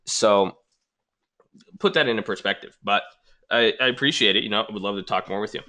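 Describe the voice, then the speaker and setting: A man in a casual response video, picking apart comments from viewers one by one. His voice sits slightly low, with a bright, forward edge that keeps every rebuttal pointed. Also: fairly quick. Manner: argumentative, reads viewer comments aloud and rebuts them. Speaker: trading channel host responding to comments.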